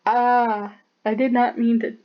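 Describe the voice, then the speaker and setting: A woman's voice: a little high, level tone, slow, lo-fi sound. A woman artist chatting casually while showing her sketchbook drawing, bubbly and full of "like" fillers.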